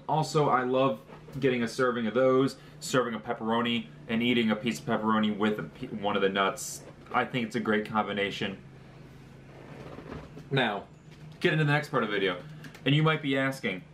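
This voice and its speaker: A man's voice: medium pitch, fairly quick, fairly bright tone, a little hiss or hum. A young man talking casually through a snack review, chatty and joking, with fillers as he lists details. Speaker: vlogger.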